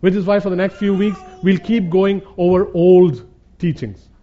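A man's voice: high voice, fairly even intonation, normal speed. A man preaching as a Bible teacher in a conversational sermon. He speaks earnestly, repeats points for emphasis and calls his listeners "guys". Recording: dull lo-fi recording.

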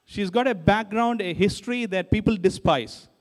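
A man's voice: high voice, moderate pace. A male preacher retelling a story in a sermon, speaking casually to his listeners. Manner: storytelling, addresses listeners as guys. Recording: long hall reverb.

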